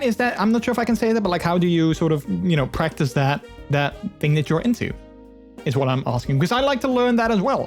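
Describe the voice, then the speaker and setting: Chatty streamer man, fairly high voice. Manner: chatty, rambling with many fillers; open and earnest. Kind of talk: casual live-stream chat.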